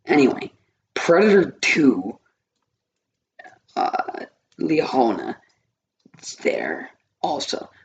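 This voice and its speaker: Man, scratchy gravelly voice, rambling, distracted, swears a lot, casual review. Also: mid-range voice. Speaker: movie reviewer.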